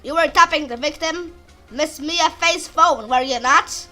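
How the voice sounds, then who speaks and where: A woman's voice: high-pitched, unhurried, bright, forceful tone, faint music behind. Phoenix Wright, a pressing young lawyer, read by a woman. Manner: pointed, accusing questions. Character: determined young male defense lawyer.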